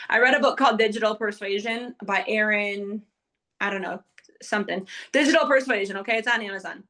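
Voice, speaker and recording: A woman runs an upbeat live training session for her sales team. Her voice sits a little high and rings bright and sharp. She talks quickly and chattily, with plenty of fillers. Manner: energetic, fast, chatty, with many fillers. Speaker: network marketing team trainer. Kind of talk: live motivational training talk.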